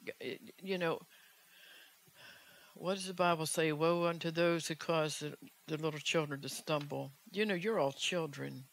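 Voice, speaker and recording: A woman's voice: low voice, steady tone, normal speed. A woman evangelist preaching a fervent sermon, urgent in tone and pressing the listeners with rhetorical questions.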